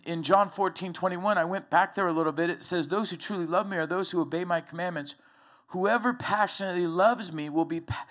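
A middle-aged man preaching a folksy, animated sermon to a church congregation, telling personal stories. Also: fairly high pitch. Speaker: pastor.

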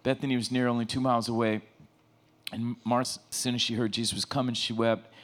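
A middle-aged man preaching a casual sermon, lively and joking, retelling scripture in everyday slang. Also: mid-range voice, fast talker.

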